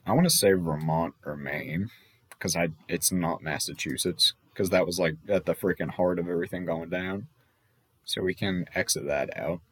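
A man's voice: sits low, moderate pace, slightly rough, no echo. A young man casually playing a trivia game with a friend, reading questions aloud, swearing and laughing. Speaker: gamer playing a trivia quiz. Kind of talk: casual gaming commentary.

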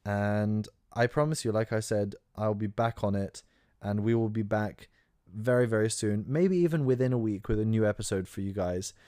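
A man's voice: on the low side, moderate pace, dark tone, no echo, clean studio sound. A young man hosting a solo podcast, talking casually in a crude, sarcastic way with lots of ums. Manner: crude, sarcastic, rambling with many fillers. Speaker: podcast host.

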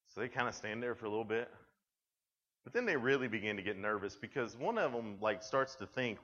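Low-voiced guy doing a chatty camp sermon, lots of "like", dull lo-fi recording. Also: a little fast. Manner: lively, conversational storytelling with many "like"s. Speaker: camp speaker.

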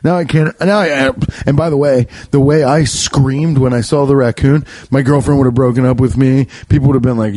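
A man's voice: a little fast, hardly any pauses, no echo. Profane, rambling man telling a story. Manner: rambling, profane, animated, often jumping high. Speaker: podcast host. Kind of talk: comedic storytelling.

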